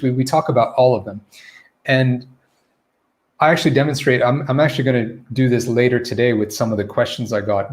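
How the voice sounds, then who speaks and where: A man's voice: medium pitch, a little mellow. Male English teacher hosting a live Q&A lesson, loose and chatty, with fillers and restarts. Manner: conversational, many fillers and restarts, reads viewer comments aloud.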